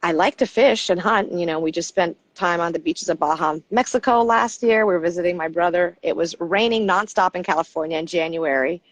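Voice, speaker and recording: Lively storytelling woman in her fifties. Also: lowish voice, a little fast, hardly any pauses, dry recording, low-quality recording. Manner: lively storyteller who acts out quoted dialogue. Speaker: podcast guest, coach. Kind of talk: conversational interview storytelling.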